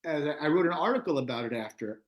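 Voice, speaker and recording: A man's voice: on the high side, quick pace. A man in his fifties from Long Island, a musician and author, telling stories as a guest in a casual interview and laughing often. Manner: animated storyteller, laughs often. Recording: roomy echo.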